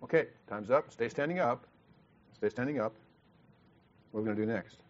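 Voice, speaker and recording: A man leading a church couples seminar on a handheld mic, talking quickly with frequent stammered restarts. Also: medium pitch. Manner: fast, repetitive, with stammered restarts. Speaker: marriage workshop leader. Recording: dull lo-fi sound.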